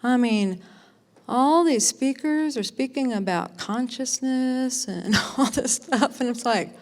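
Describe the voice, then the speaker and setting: A woman's voice: high-pitched, slow pace. A woman stands before a conference audience and introduces the next speaker. She talks in an eager, meandering way, stacking fillers and false starts as she builds up to the introduction. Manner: rambling, excited, many fillers and restarts. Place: conference hall, in front of an audience.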